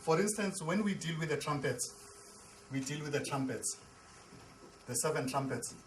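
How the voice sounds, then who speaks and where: A man's voice: on the high side, animated, moderate pace, a little hiss or hum, rough recording. A man, a pastor, teaching a Bible class. He repeats and restarts words and asks the class questions. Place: classroom with a board.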